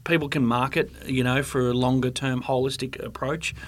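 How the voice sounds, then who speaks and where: A man's voice: mid-range voice, steady tone, normal speed, slight background noise. A man hosting a podcast, asking long loose questions full of "you know". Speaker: podcast host. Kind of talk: casual conversational interview.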